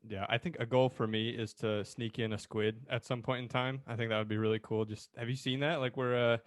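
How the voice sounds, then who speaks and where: A young man telling stories on a podcast in a relaxed, casual way with some fillers. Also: mid-range voice, fairly quick, no room sound. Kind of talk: casual chat.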